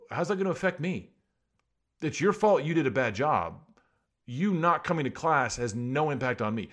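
A man rants about sports in a casual monologue, piling up sarcastic rhetorical questions. His pitch swings widely as he argues, jumping up for the jabs and dropping low for the asides. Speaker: sports commentator.

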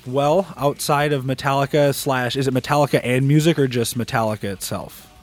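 A man's voice: mid-range voice, steady tone, fairly quick, faint music behind. A man co-hosting a podcast in easygoing casual chat, talking freely and laughing now and then. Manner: easygoing, chatty, laughs often. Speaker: podcast co-host.

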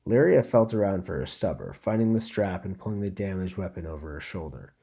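A man reads a gritty story aloud in a low, mellow voice. His narration is steady and measured, like a podcast host sharing fiction with listeners. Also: vocal fry, slightly rough.

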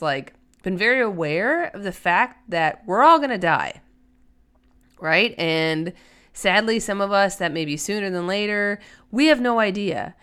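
A woman's voice: fairly low pitch, a bit bright, clear, resonant tone. A woman hosting a solo podcast in a chatty, earnest way, with many fillers. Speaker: podcast host. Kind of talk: casual solo podcast talk.

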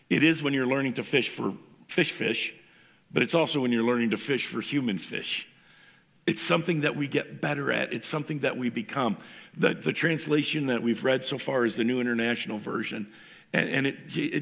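Gravelly, husky-voiced pastor. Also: male voice, medium pitch, fairly bright tone. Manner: storytelling, informal, repeats words when starting. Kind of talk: sermon.

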